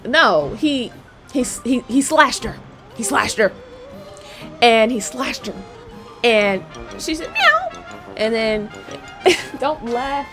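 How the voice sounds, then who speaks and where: Casual nail tech lady talking to viewers, highish voice, keeps saying right? okay?. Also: takes it slowly, pauses often, fairly bright tone, soft background music. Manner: chatty, slangy, checks in with "right?" and "okay?". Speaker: nail technician and channel host. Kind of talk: casual chat while doing nails.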